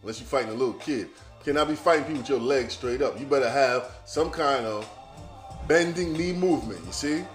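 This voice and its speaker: An animated man holds forth in a casual podcast monologue, cursing freely and talking straight to his listeners. His voice sits at an ordinary middle pitch. The room is echoey and faint music plays underneath. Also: a little fast. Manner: loose, profane and animated, addressing listeners directly. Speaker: podcast host.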